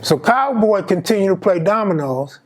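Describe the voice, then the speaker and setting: A man's voice: sits high, moderate pace. Slangy man telling a jail story. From Los Angeles. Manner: slangy, animated, acts out dialogue. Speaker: storyteller host. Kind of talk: casual storytelling.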